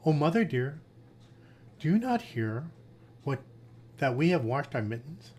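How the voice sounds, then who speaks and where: A man's voice: on the high side, very animated, unhurried, darkish tone, husky, full character voice. A man doing whiny little kittens. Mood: pleading. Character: three fretful little kittens.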